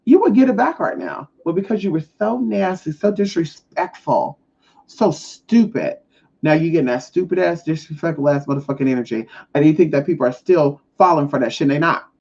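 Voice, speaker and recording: A woman with a low, husky voice and vocal fry speaks a little fast while hosting a live stream as a spiritual advisor, in a muffled recording. Her casual talk is blunt and heavily profane, and she often acts out other people's lines with lively quotes.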